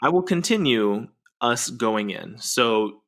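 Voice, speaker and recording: A man co-hosting a podcast, walking through a movie's plot in a relaxed, playful way. He teases his co-host now and then. His voice sits at an ordinary middle pitch. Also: takes it slowly, creaky. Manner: playful, recaps the plot, teasing. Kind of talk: casual movie recap.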